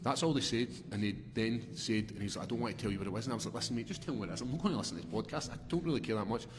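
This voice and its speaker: A man's voice: fairly low pitch, very fast. A young Scottish man, a podcast guest, telling crude stories in loose, laughing chat. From Scotland. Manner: crude, animated storytelling, breaks into laughter. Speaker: guest, fighter. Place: podcast studio. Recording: reverberant room.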